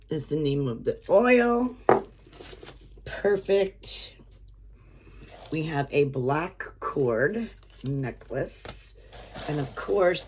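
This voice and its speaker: A low-pitched woman talks her way slowly through an unboxing, gasping with delight and slipping into breathy whispers when she gets excited. Her measured, unhurried pace keeps it casual, with a faint hiss of background noise behind her. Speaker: unboxing vlogger.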